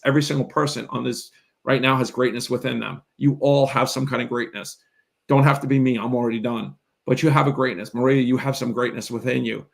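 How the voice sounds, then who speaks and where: A middle-aged man with a gravelly voice gives a motivational talk over a live video call. He talks emphatically and keeps checking in with "right?". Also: medium pitch. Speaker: real estate coach.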